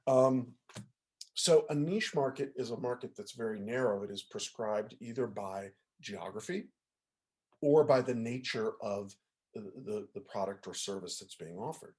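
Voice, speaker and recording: Over a video call, a man teaching music lectures in a relaxed, conversational way, frequently asking "right?" and "okay?" to confirm his listeners are following. His voice is fairly low, unhurried and a little mellow.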